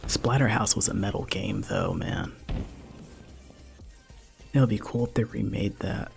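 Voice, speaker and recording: A man's voice: fairly low pitch, huge pitch swings, unhurried, gravelly, over music. A man in his forties streaming a game, rambling in a heartfelt way and dropping "man" and "like" often. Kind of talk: casual chat while gaming.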